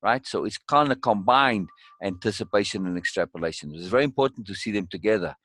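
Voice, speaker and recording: A man hosting a live group discussion, eager and quick to chime in with agreement. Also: fairly low pitch, a bit bright, dry recording. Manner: eager, often breaks in with agreement. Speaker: discussion host.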